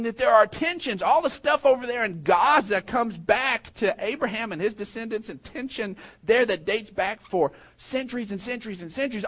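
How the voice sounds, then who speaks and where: A middle-aged man preaching a sermon, reading scripture and breaking in with lively asides. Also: extremely high pitch. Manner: animated, interjects while reading. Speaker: pastor.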